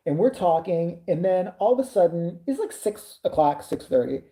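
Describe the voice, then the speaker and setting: A woman with a low, very dark and mellow voice rants through a casual story. She swears freely and sounds thoroughly fed up. She slips in the lines of the people in her story as she goes. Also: sing-song, normal speed. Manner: profane, exasperated, acts out quoted dialogue. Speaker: vlogger.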